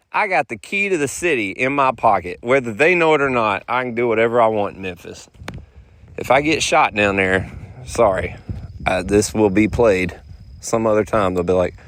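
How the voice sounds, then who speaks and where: A man, hosting a podcast and telling casual, slangy stories, animated and often mimicking the people he quotes. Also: mid-range voice, slight background noise. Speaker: podcast host. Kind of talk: casual storytelling monologue.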